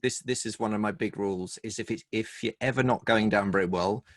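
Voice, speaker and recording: Wry low-voiced English man. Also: fairly quick, dry recording. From England. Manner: chatty, wry, storytelling. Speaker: humor coach. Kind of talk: online interview.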